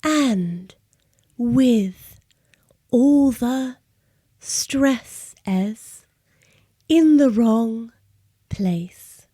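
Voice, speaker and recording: A portentous radio poetry reader in a whispered role-play. She uses a fruity whisper that is mellow and dark, with odd stresses and phrases broken at random. Her delivery is extremely slow and the sound is dry and close. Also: on the high side, expressive, no echo, full character voice.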